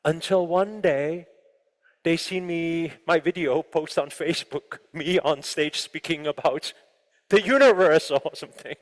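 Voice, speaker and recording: A man giving an animated motivational talk to a live audience, often asking the listeners questions. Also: on the high side, unhurried. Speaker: motivational speaker. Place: large room with an audience. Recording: long hall reverb.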